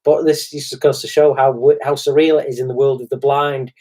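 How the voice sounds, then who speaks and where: Brief: middle-aged man, chatty co-host, animated storyteller who slips into others' voices. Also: mid-range voice, fairly quick. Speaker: podcast co-host. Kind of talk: casual chat.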